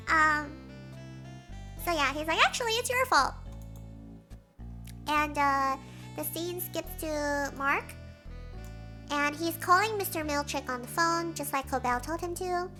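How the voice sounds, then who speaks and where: A woman streamer chatting casually through a TV recap, giggly and excitable, with frequent laughs and fillers. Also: sits high, a little slow, long pauses. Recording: live stream with faint music.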